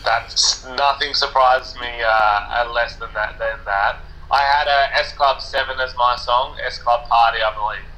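Australian guy, bright voice, dry laid-back teaser, on a call. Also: medium pitch, fairly even intonation, a little slow, reverberant, poor audio. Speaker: podcast guest. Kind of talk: casual comedic podcast banter. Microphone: remote call.

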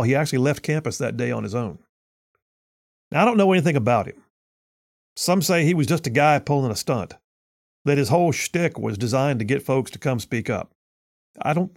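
A man's voice: mid-range voice, creaky, a little mellow, no room sound, studio quality. A man, telling a personal story as a commentator in a folksy, earnest way full of homespun sayings. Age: 50s.

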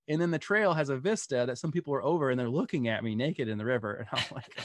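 A man being interviewed, telling personal stories in an animated way and laughing as he goes. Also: mid-range voice, fast, few pauses, dry recording, studio quality. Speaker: guest. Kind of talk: storytelling interview.

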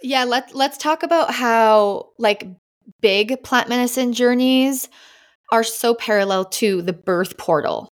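A woman's voice: on the high side, slow. A woman hosting a podcast, affirming her guest and leading into the next topic in a conversational tone. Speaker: podcast host. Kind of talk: casual interview chat.

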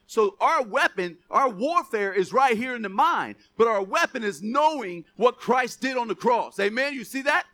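A man's voice: very high voice, lively intonation, normal speed, few pauses, pushed and bright. A male preacher giving a casual, conversational sermon, often asking the congregation questions.

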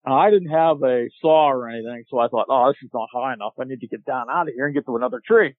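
A man telling a long hunting story as a podcast guest, animated and laughing as he goes. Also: medium pitch, fast, no room sound. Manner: animated, laughs while telling, acts out shouted quotes. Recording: tinny dry phone-line audio.

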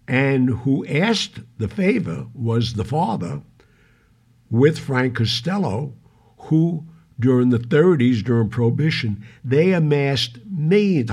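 A man co-hosting a podcast, slowly recounting his own memories in a casual storytelling way. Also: mid-range voice, a little mellow. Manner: slow, unhurried recounting of personal memories. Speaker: podcast co-host.

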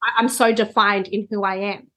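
A woman's voice: mid-range voice, level tone, fairly quick, fairly bright tone. A woman, a guest reader, explaining concepts in a conversational chat and often checking in with "right?". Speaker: Human Design reader, guest.

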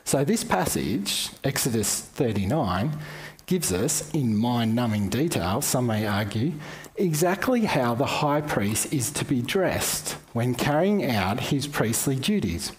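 A man's voice: medium pitch, a little slow. Aussie guy doing a bible talk, voice goes up and down a lot, chatty. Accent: Australian. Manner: conversational, lively teaching with asides. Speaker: Bible teacher. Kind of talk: sermon-style Bible talk.

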